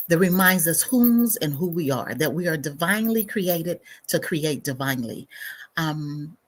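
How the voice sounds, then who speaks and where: A middle-aged woman hosts a spiritual livestream as a counselor, her voice husky and a little low. She speaks in an unhurried, reflective way, often dropping to a soft near-whisper and sighing between thoughts. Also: lively intonation. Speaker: counselor and show host.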